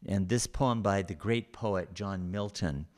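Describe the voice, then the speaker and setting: A man giving a recorded lecture over slides, explaining at an unhurried pace with frequent pauses. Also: deep voice.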